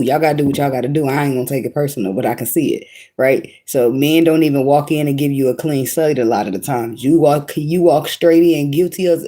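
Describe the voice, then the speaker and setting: A woman with a lowish voice talks straight to her viewers in a casual advice vlog. She is blunt and slangy, swears freely, and laughs often as she goes. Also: dark tone. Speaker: tarot reader.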